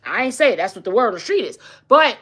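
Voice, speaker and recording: Blunt sassy lady in her 40s gossiping on her podcast, high bright voice, lots of swing. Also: very animated, fast, husky. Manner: blunt, sassy, slangy and chatty. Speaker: podcast host. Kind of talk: casual celebrity gossip commentary.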